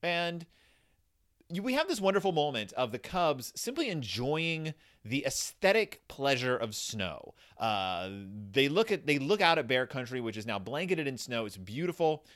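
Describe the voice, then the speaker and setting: A chatty man hosts a casual book review. His pitch rises and falls a great deal as he rambles along, with plenty of fillers and restarts. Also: very animated, normal speed, a bit bright. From United States (Texas). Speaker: podcast host reviewing children's books.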